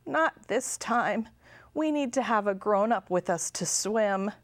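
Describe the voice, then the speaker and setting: A woman's voice: medium pitch, lively intonation, unhurried, no room sound, lightly acted. A woman voicing a cautious, nervous little girl in a storybook reading. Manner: timid, careful.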